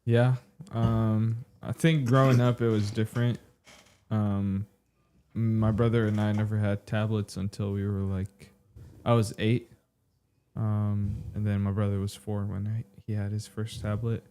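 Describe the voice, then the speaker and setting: A young man answering questions as a talk show guest, hesitant and full of pauses and fillers. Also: fairly low pitch, level tone, dark tone, smooth. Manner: hesitant, many ums and likes.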